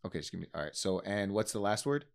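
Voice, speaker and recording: A man's voice: fairly low pitch, sing-song, fast, gravelly, slight background noise. A man co-hosting a casual studio chat, asking teasing, incredulous questions. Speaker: podcast co-host.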